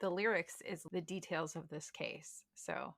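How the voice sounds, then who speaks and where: Bright, folksy Southern woman podcaster. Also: fairly low pitch, steady tone, measured pace, creaky. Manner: blunt, joking, folksy slang. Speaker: podcast host, case narrator. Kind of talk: casual true crime podcast chat.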